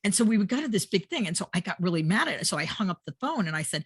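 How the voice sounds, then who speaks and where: A woman's voice: on the low side, lively intonation, quick pace, few pauses, fairly bright tone, breathy edge, no echo. A woman guest on a podcast, telling stories in a casual chat and laughing often.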